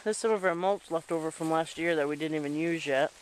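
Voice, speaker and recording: Brief: male vlogger, high voice, rambling and chatty, outdoors on a handheld camera mic. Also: quick pace, slight background noise, rough recording. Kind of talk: casual garden walk-through. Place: outdoor garden in light rain.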